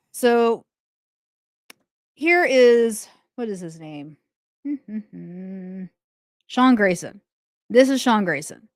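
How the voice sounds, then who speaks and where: A woman's voice: mid-range voice, expressive, very slow, long pauses, no room sound, clean studio sound. A woman hosting a true crime commentary, talking it through in a casual, indignant way. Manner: indignant, conversational, talks things through aloud.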